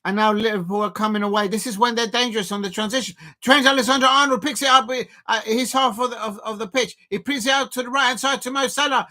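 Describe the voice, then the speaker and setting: A man hosting a live football watch-along, chatting and calling the action in a rambling, excitable way that rises to shouts at big moments. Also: high-pitched, moderate pace, creaky, hardly any pauses. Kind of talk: live match commentary and chat.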